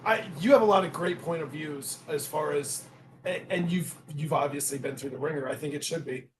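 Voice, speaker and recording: A middle-aged man hosting a podcast, telling stories about his family in an animated, casual way. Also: a little high, a little fast, poor audio. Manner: animated anecdotal storyteller. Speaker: podcast host. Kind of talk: casual chat.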